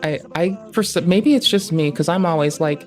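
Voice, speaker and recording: A man's voice: fairly high pitch, normal speed, darkish tone. A man streaming casual commentary, rambling and digressive with heavy slang and swearing. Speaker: streamer reacting to a debate.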